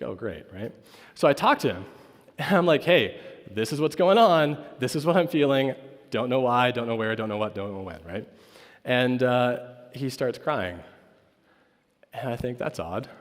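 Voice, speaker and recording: Chatty pastor in an echoing hall. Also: male voice, mid-range voice. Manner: storytelling with frequent "right?" asides; acts out quoted dialogue. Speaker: campus pastor and chaplain. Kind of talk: informal chapel talk. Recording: long hall reverb.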